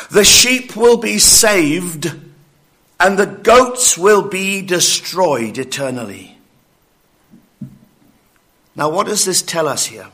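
Male preacher, high and bright voice, deliberate sermon pace, pressing the congregation. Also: very animated. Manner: emphatic, challenging, slows down to stress points. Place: church building.

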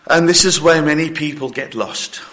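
A man preaching a sermon with slow, emphatic delivery, short of breath and coughing now and then, voicing his listeners' doubts. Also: fairly high pitch, a bit bright.

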